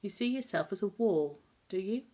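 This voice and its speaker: A woman reading a story, voicing a quiet, detached man in his thirties who half-whispers. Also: mid-range voice, expressive, normal speed, pitched above the performer's own voice, natural voice.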